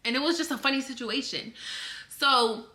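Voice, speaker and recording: A woman's voice: high-pitched, normal speed, sharp tone. A young woman vlogger talking casually to camera, defending herself in a rambling way with lots of filler words.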